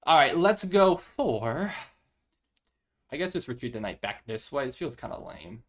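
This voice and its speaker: A man's voice: medium pitch, big pitch swings, a little slow. A young man streaming chess, chatting casually, self-deprecating and thinking aloud. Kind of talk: casual live-stream chat.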